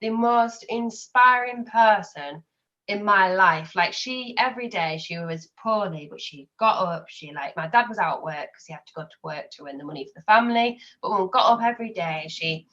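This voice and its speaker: A woman's voice: mid-range voice, lively intonation, moderate pace, fairly bright tone, lo-fi sound. A woman, a podcast guest chatting openly and telling personal stories. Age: 20s. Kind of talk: casual chat.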